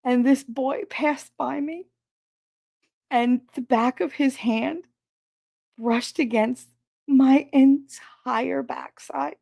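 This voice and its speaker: A woman's voice: steady tone, drawn-out words, gravelly, pauses often, warm tone, exaggerated voice. A woman mimicking a whiny self-pitying coworker. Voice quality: high, pleading. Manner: dramatic, wounded.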